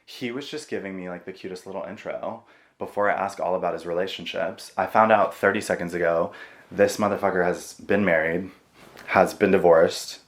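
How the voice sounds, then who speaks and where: A man hosting his channel in a casual chat, excitable and swearing, laughing at himself. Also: low voice, moderate pace. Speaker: host. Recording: echoey room.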